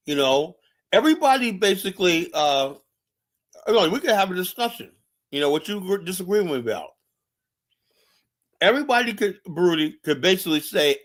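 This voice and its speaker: Male streamer, heated political rant, profane and combative, repeats himself, slightly high voice. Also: lively intonation, normal speed, pauses often, a bit bright. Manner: challenges viewers directly. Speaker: livestream host. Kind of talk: heated political commentary monologue.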